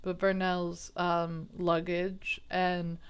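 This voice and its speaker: A woman's voice: on the low side, completely flat delivery, drawn-out words, clear, resonant tone. A woman retelling a true crime story in a chatty, rambling way, with asides, self-corrections and indignant remarks. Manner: baffled, indignant.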